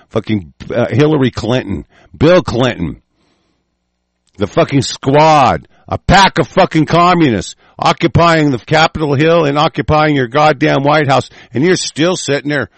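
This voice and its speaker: With a creaky, mid-range voice, a talk show host launches into an angry political tirade laced with constant profanity and rambling false starts. No room sound is audible.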